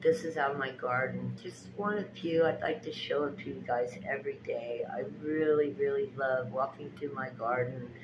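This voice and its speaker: A woman with a very deep voice speaks at normal speed with hardly any pauses, in lo-fi sound over a noisy background. Her spiritual pep talk and tarot readings address viewers directly in a preachy, emphatic, folksy style with lots of repetition.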